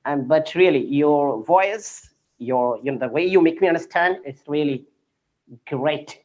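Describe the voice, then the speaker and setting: A man's voice: fairly high pitch, measured pace, darkish tone, lo-fi sound. A man who teaches English, chatting casually over a video call, hesitant and full of fillers and restarts.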